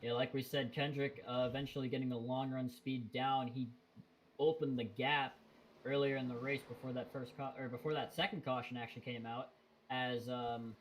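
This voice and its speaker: A man's voice: medium pitch, little pitch movement, moderate pace, a little hiss or hum, poor audio. A man commentating on a sim race in a casual, rambling way with fillers and self-corrections.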